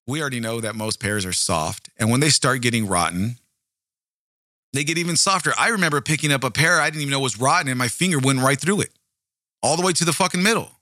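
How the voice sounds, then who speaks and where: A man's voice: mid-range voice, expressive, quick pace, sharp tone, no echo, clean studio sound. A man hosting a true-crime show, reading the case aloud and breaking off into blunt, profane asides to his listeners. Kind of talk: true-crime narration with commentary.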